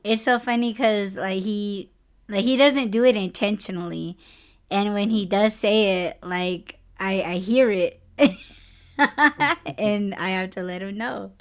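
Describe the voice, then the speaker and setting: A woman co-hosting a relaxed podcast conversation, her voice smooth and clear. She talks at an unhurried pace and teases her partner, laughing often. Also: mid-range voice. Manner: playful teasing, laughs often. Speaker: podcast co-host. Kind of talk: casual chat.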